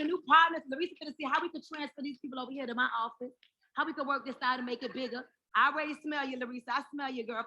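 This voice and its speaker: A woman with a bright, forceful voice pitched a little high gives an animated, preacher-like talk to a live audience. She calls out for responses and rallies the room. The sound is somewhat dull and lo-fi. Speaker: motivational speaker hosting the event. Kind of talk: lively stage talk with call and response. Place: live event in front of an audience.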